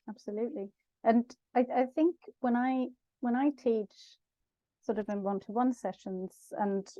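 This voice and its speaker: Lady teacher explaining pronunciation, warm low-key voice, kinda dull lo-fi mic. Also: no room sound. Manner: chatty, explains patiently, reads out viewer comments. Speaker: Swedish language teacher. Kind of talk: online language class.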